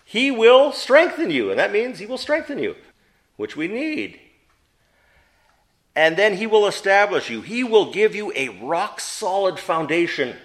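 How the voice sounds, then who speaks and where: A man leads a Bible study in a rather high voice that rises and falls with lively expression. He keeps asking the group questions and then answering them himself. He leans hard on the words he wants to stress. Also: a little slow. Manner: emphatic, stresses key words. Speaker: Bible teacher. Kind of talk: interactive Bible study teaching.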